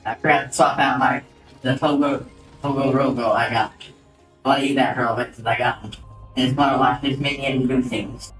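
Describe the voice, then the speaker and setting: Streaming a game, this man talks at normal speed in a mid-range, slightly bright voice with fairly even intonation. He comments casually, rambling and swearing and interrupting himself constantly. The audio feels roomy and distant-miked, with some faint music.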